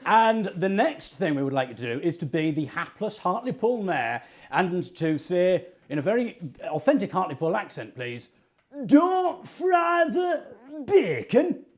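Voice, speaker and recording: Chuckling high-voiced male co-host. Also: lively intonation. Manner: chuckling, quick and playful. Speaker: co-host of a comic online show. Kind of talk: jokey banter with a guest.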